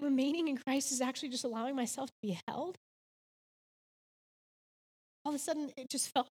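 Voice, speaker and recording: A woman's voice: a little high, in a large hall. A woman in her thirties giving a faith devotional talk, telling a personal story in an earnest, heartfelt way with lots of "like"s. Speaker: devotional speaker.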